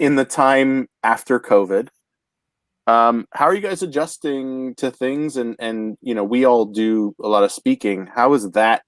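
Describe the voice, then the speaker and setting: A man from Canada hosting a casual talk show, halting and stammering with frequent restarts. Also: medium pitch, no room sound. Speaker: podcast host. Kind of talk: casual chat.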